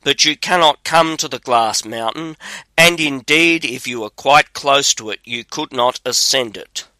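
A man's voice: medium pitch, unhurried, pushed and bright, no echo, rough recording. A man reading the lines of a frightened young king's daughter under a witch's spell. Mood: fearful.

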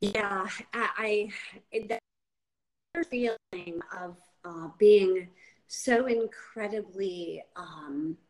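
A woman hosting a podcast interview, asking questions and talking in a thoughtful, searching way with pauses and fillers. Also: mid-range voice, low-quality recording. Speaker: podcast host.

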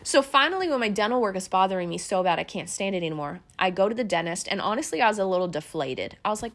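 An earnest woman teaching about faith through her own stories. She talks in a loose, conversational way, often restarting a thought as she goes. Her voice sits at an ordinary pitch for a woman. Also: animated, fast talker, hardly any pauses. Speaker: Christian teacher.

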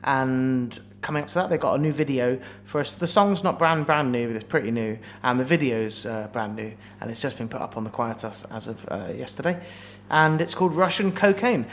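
A man's voice: mid-range voice, a little fast, hardly any pauses, a little hiss or hum. A man co-hosting a music podcast, chatting casually and introducing a song. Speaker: podcast co-host. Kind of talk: casual chat introducing tracks.

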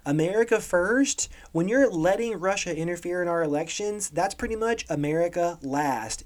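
This podcast co-host has a high-pitched voice and a measured delivery. He launches into an opinionated, sarcastic rant on current events, pressing his points hard and frequently adding "okay?"

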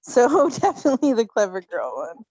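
A playful woman co-hosting a casual podcast, with a fairly high voice that often breaks into laughter. The recording is dry and a little dull, as if from a modest mic. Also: wildly swooping pitch, normal speed, darkish tone, slightly rough, dry recording. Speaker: podcast co-host. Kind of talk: casual chat.

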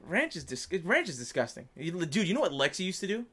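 A young man rants and jokes on a casual podcast in a bright, forward voice. His pitch bounces around a lot as he gets animated. He swears freely and laughs often. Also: fast, husky. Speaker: podcast co-host. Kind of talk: casual crude banter.

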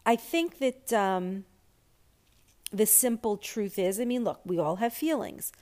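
A woman's voice: mid-range voice, animated, unhurried, darkish tone. A woman talking candidly and reflectively about personal experience, with many fillers and restarts.

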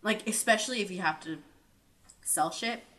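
Young female podcast co-host, mid-pitched voice, blunt opinions, quick to laugh. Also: sharp tone. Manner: frank, opinionated, laughs easily. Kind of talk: casual chat.

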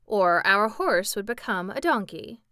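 A woman reading out the lines of an excitable young boy in a storybook, exclaiming loudly. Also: mid-range voice, unhurried, no room sound, clean studio sound. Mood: explaining.

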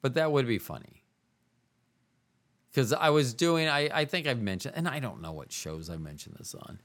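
Rambling, animated male podcast host. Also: medium pitch, normal speed. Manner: rambling, self-mocking, jumps between voices. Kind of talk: casual solo podcast monologue.

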